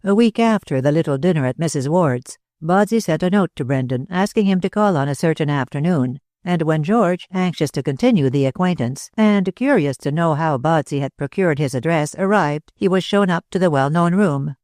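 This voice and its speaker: A man narrating a classic novel as an audiobook reader, in a measured, even way. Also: on the high side, no room sound, clean studio sound. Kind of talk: scripted narration.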